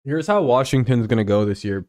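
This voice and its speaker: A man's voice: medium pitch, lively intonation, fairly quick, a little mellow, no echo, clean studio sound. A man streaming live, talking football in a rambling, profane way with lots of fillers and restarts. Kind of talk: casual live-stream sports chat.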